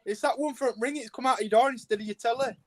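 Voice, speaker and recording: A man's voice: very high-pitched, fast. A man co-hosting a livestream in casual joking banter. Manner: joking, excitable. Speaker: livestream co-host.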